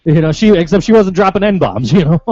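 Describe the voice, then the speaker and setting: Casting: man from Western New York, slightly higher voice, swears freely, laughing yarn-spinner, dull dry sound. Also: animated, brisk, mellow, dry recording. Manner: rambling, profane, laughing anecdotes. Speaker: show regular. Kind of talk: casual banter.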